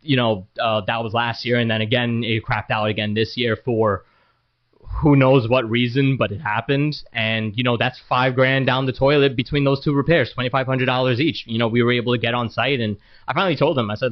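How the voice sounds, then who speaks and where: A man talks casually to camera as a property manager, at an ordinary mid pitch. He is blunt and rambling, filling his speech with "you know" and false starts. The audio is a little muffled and lo-fi. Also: fairly even intonation, normal speed. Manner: frank, rambling, many fillers and restarts. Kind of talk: casual business talk to camera.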